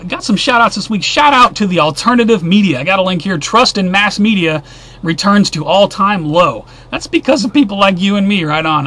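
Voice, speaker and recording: A man with a high, bright, forceful voice hosts a weekly news roundup. He reads headlines and cuts in with blunt, sarcastic remarks in a casual tone.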